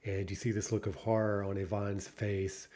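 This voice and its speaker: Man, low-pitched voice, language teacher, patient explanations, pauses to think, checks in with the listener. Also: level tone, mellow. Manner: thinks aloud with frequent "uh" pauses. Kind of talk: recorded language lesson.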